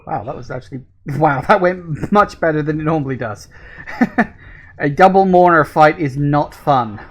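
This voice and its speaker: A man's voice: on the high side, expressive, unhurried. A man giving casual, wry commentary while playing a horror game and reading on-screen text aloud. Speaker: let's-play gamer.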